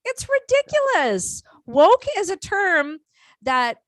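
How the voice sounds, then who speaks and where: A woman's voice: very high-pitched, sing-song, takes it slowly, a bit bright, no echo. A woman co-hosting an internet radio show, talking casually in an emphatic, opinionated way. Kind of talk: casual chat.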